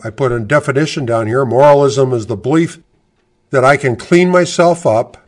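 A man preaching a sermon, reading scripture aloud and explaining it verse by verse, slowing down to stress key words. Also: medium pitch. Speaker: pastor.

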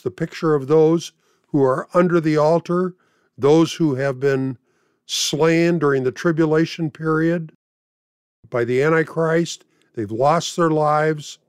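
A man preaching a sermon, reading scripture aloud and paraphrasing its pleas in a deliberate way. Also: fairly high pitch, smooth, dry recording, studio quality.

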